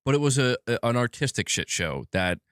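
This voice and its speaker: A man hosting a gaming livestream, ranting in an excitable, self-mocking way and swearing often, restarting his words as he gets worked up. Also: medium pitch, brisk, clean tone, no room sound, studio quality. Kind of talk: live commentary rant. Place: indoor room at home.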